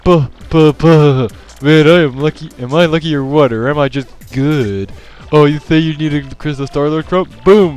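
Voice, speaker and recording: A man voicing a boastful male video game villain, reading the game's dialogue aloud in a loud, taunting, cocky way. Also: fairly high pitch, voice pushed up, natural voice.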